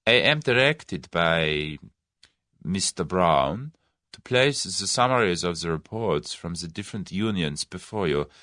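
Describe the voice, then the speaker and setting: A man voicing a clear, methodical conspirator. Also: low voice, expressive, bright, forceful tone, no room sound, studio quality, heavily acted. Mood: measured. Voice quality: clear, measured, deliberate.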